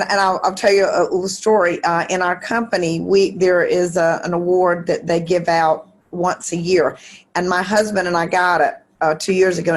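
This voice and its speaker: A woman hosting a meeting on a video call, thanking the speaker and making announcements in a chatty way. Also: lowish voice. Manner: friendly, chatty, with fillers. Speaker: host. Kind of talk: casual meeting chat.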